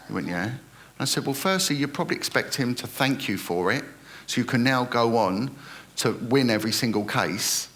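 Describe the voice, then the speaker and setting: A man's voice: medium pitch, animated, normal speed, a bit bright. A middle-aged man, a retired police detective earnestly recounting his experiences in an interview and quoting others in dialogue.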